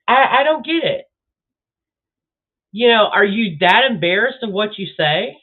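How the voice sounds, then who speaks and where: A woman's voice: a little high, expressive, measured pace. Blunt Texan woman, tinny phone-like sound. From Southeast Texas. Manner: blunt, exasperated, swears freely. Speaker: live streamer. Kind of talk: casual live-stream rant.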